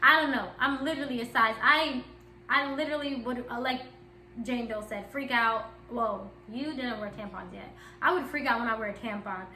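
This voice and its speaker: A young woman with a slightly high, bright voice tells a candid story in a chatty, giggly way. She sounds like a vlogger talking casually at home, and the room gives her voice a noticeable echo. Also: moderate pace, a little hiss or hum. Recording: echoey room.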